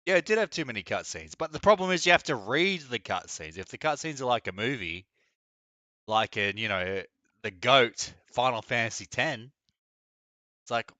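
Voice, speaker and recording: A man's voice: medium pitch, lively intonation, moderate pace, sharp tone, dry recording. A young man chatting casually on a live gaming stream, blunt, opinionated and mocking. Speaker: game streamer.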